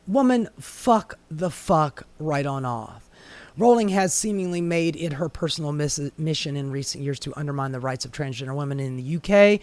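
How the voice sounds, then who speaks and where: A man's voice: on the high side, moderate pace, a little mellow, dry recording. Profane sarcastic man ranting. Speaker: commentary host. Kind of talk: ranting news commentary.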